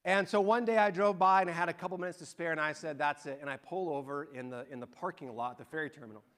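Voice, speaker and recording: A middle-aged man preaching a sermon and telling an animated, excited story to his congregation. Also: a little high, quick pace. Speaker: pastor.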